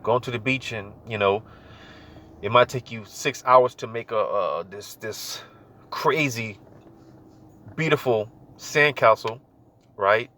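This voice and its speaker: An American man offers casual, slangy religious commentary, speaking slowly with long pauses in a medium-pitched voice. His tone is bright and forceful, and he preaches, repeating his warnings and chuckling now and then.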